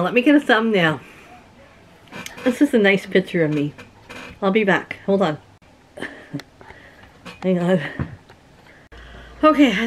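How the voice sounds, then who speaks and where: A woman's voice: medium pitch, a little hiss or hum. A middle-aged woman from Canada chatting casually to her viewers from her rural home, telling stories and laughing often. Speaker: vlogger. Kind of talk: casual chat to camera.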